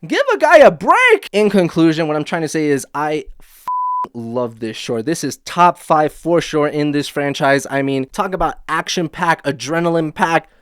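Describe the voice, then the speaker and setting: A man giving a casual, excitable horror movie review, swearing freely with bleeped words and acting out his own shocked reactions. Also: fairly high pitch, normal speed.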